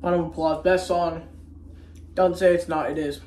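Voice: medium pitch, fairly even intonation, normal speed, darkish tone, echoey room. A vlogger giving a rambling, casual movie recap, often second-guessing the plot order and using slang. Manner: rambling, unsure of itself, slangy.

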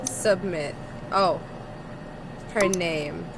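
A woman's voice: lowish voice, steady tone, drawn-out words, creaky, noisy background. A woman streamer commentating on a horror game, frightened, screaming and swearing as she plays. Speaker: gaming streamer.

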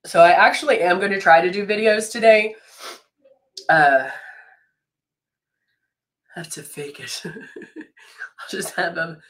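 A woman's voice: lowish voice, slow, long pauses. A woman with a stuffed-up nose from a cold, hosting a live makeup tutorial in a chatty way, greeting viewers by name and laughing often. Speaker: brand educator hosting a live makeup demo.

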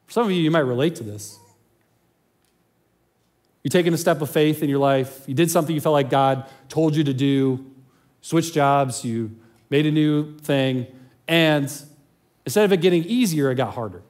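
A man's voice: fairly high pitch, normal speed, long pauses, darkish tone. A man preaching a sermon as pastor, telling a Bible story in a casual, conversational way. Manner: conversational, chuckles while storytelling.

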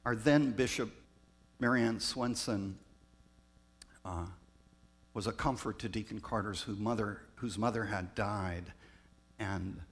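Gravelly, husky-voiced male pastor. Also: fairly low pitch. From Southern California, US. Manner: reflective, personal storytelling with pauses. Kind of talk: storytelling sermon.

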